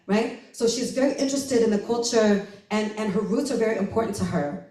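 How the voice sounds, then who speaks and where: A woman from the United States telling a personal story at a live event, chatty and animated, full of "like" and "right?", laughing often. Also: medium pitch, a little fast. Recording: roomy live recording from a distance.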